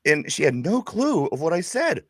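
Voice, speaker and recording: A man's voice: a little high, very animated, moderate pace, slightly rough, dry recording, clean studio sound. A man from Pittsburgh with a Pittsburgh accent, co-hosting a casual sports chat show, rambling and laughing as he stumbles over his words. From Pittsburgh, USA. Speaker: podcast co-host.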